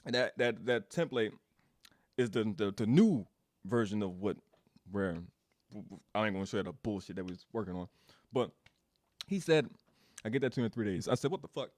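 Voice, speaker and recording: A man in the middle of a casual developer update, ranting through a story with lots of laughter and swearing. His pitch jumps around a lot as he talks. The sound is dry and close, with no room echo. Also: normal speed, pauses often. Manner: animated, laughs often, swears, repeats himself. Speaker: game studio developer giving an update.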